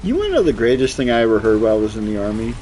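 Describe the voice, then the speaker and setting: A man's voice: on the low side, big pitch swings, rapid-fire, warm tone, slight background noise. Profane, rambling young man streamer. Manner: loose, profane, rambling storyteller. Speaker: gaming streamer. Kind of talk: casual storytelling chat while gaming.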